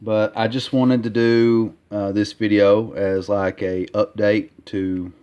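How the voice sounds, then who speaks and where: Man, low-ish voice, halting casual vlogger, muffled lo-fi audio. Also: flat delivery, darkish tone, smooth. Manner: halting, full of fillers and repeated words. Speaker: comic artist vlogger. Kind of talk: casual progress-update vlog.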